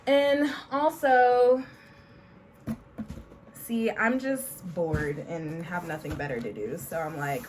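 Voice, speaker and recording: A woman's voice: fairly low pitch, slow pace, background noise. A young adult woman chatting casually in a home beauty vlog, bubbly and sprinkling her talk with playful catchphrases. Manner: bubbly, peppers talk with "honey" and "period". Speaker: beauty vlogger.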